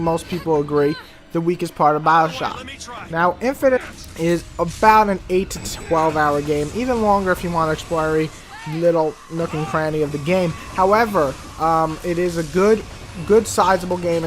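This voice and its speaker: A woman giving a casual game review, rambling and profane, joking around and breaking into sudden loud outbursts. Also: lowish voice.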